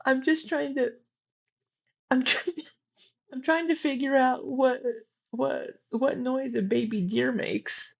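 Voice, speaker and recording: Slow-talking giggly woman streamer. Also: high-pitched, steady tone, creaky. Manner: giggly, breaks into frequent laughter. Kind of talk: casual live-stream chat. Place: indoor room with neighbors next door. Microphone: earbuds with a computer mic. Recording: slightly dull lo-fi stream audio.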